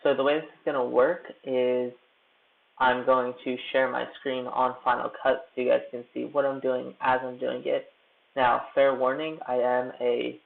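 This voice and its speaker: Gravelly young man on a tinny stream. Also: medium pitch. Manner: relaxed, rambling, self-deprecating. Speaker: YouTube creator live-streaming. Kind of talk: casual live-stream chat. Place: hotel room. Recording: tinny phone-like audio.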